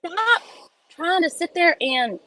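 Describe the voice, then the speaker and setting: Sitting in her parked car in a school pickup line, a woman livestreams from her phone, ranting bluntly and profanely. Her fairly high, fairly bright voice is expressive and a little slow, and the recording quality is low.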